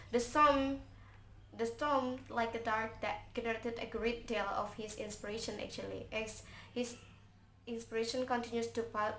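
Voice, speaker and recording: Her fairly high, slightly bright voice delivers an informal poem analysis recorded for an assignment. She's a young woman student and native Indonesian speaker who talks hesitantly, full of fillers and restarts, with faint background noise present.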